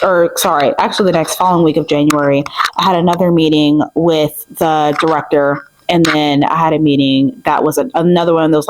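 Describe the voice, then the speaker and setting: A young woman in her twenties casually telling a vlog story, animated and emphatic with many fillers. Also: sits low, slight background noise, low-quality recording. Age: 20s. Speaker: vlogger.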